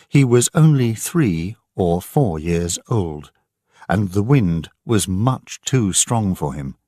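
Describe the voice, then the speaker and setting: A man narrating an audiobook for English learners, slow and clearly enunciated. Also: sits low, mellow, dry recording, clean studio sound.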